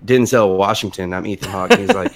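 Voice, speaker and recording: A man telling crude fast-food work stories in a casual chat with friends, swearing often and acting out what others said. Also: deep voice. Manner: laughing, profane, acts out quoted voices.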